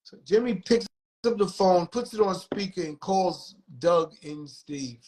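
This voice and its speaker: Brief: high-pitched male guest, blunt and profane, animated storyteller. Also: unhurried, poor audio. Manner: profane, animated, acts out other people's lines. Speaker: music industry guest. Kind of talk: candid storytelling on a livestream podcast.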